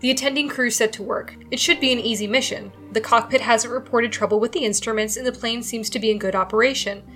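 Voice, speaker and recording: A woman in her thirties co-hosts a chatty podcast and laughs easily. Her voice sits a little high, and faint music plays underneath. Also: steady tone, fast, few pauses, bright, forceful tone. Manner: giggly, chatty, does silly voices. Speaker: podcast co-host. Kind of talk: casual chat and read-out narration.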